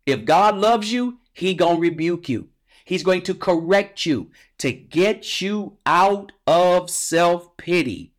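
A man hosting a devotional podcast, preaching emphatically, with repeated phrases and big swings in pitch. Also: animated, slow. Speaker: podcast host.

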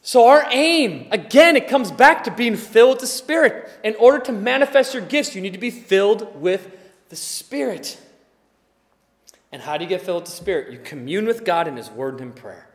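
Animated forty-year-old preacher, high voice. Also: male voice, moderate pace, big-room sound. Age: 40s. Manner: animated, acts out little scenes, drops to soft murmurs. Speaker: pastor. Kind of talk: sermon.

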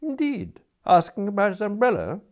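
A man voicing a genial gentleman of leisure who speaks in cordial, ornate, mock-solemn phrases. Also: fairly low pitch, very animated, normal speed.

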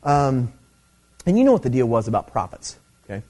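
A man's voice: mid-range voice, very animated, fairly quick, dark tone. A middle-aged man preaching a sermon, teaching emphatically and checking in with "okay?" as he goes. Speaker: pastor.

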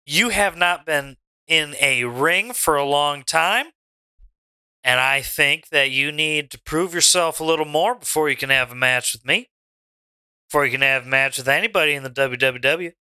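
A man's voice: fairly high pitch, normal speed, sharp tone, clean tone, dry recording, voice pushed down. A man voicing a cocky, boastful male pro wrestler with a raised, drawling Southern accent, in a wrestling tabletop game. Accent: American Southern. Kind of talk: in-character wrestling promo.

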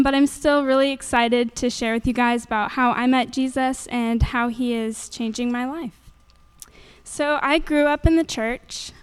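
A woman's voice: high-pitched, clean tone. A young woman giving a nervous, earnest faith testimony into a handheld microphone at a church gathering, with many fillers.

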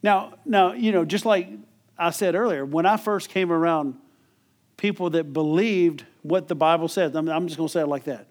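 Middle-aged guy preaching, loose and chatty, slightly high voice, keeps restarting his words. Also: normal speed. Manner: conversational, repeats and restarts words, chuckles often. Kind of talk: sermon.

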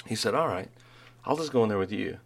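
A man's voice: lowish voice, expressive, fast, gravelly, a little hiss or hum. A middle-aged man telling rambling school stories in casual chat, laughing at his own jokes.

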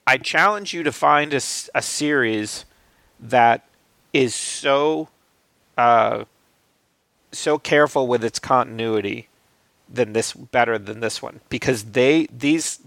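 A man chats loosely about films, stumbling through restarts and fillers and swearing casually. His medium-pitched voice is fairly bright but has a gravelly, creaky edge, and he takes it slowly. The sound is dry and close, with no room echo.

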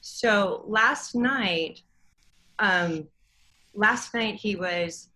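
A woman's voice: mid-range voice, extremely slow, sharp tone, rough recording. A middle-aged woman in casual podcast chat, telling a story in an emotional, rambling way.

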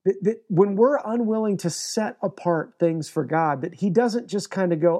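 A man's voice: high voice, moderate pace, few pauses, warm tone. A man preaching a sermon in an earnest way, sometimes acting out the lines of biblical figures. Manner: earnest preaching, acts out voices of God and Joshua. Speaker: pastor.

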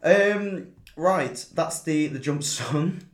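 A man's voice: on the high side, animated, drawn-out words. A man hosting a casual horse racing chat, with lots of ums and easy banter. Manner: chatty, filler-heavy, jokey banter. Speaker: podcast host. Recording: echoey room.

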